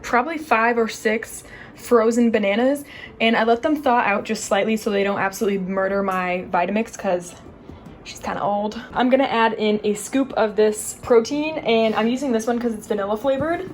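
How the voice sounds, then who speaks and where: A woman's voice: on the high side, normal speed. A woman co-hosting a cooking channel, chatting casually as she explains each step of a recipe. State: out of breath.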